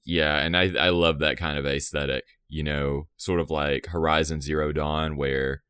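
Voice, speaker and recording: A man's voice: rumbling low, little pitch movement, normal speed, a bit bright, smooth, dry recording, clean studio sound. A man in casual podcast chat, rambling and laughing often, trailing off mid-thought.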